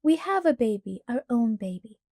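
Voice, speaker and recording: A woman's voice: a little high, very animated, moderate pace, dark tone, dry recording, clean studio sound. Woman voicing a scolding pioneer mother.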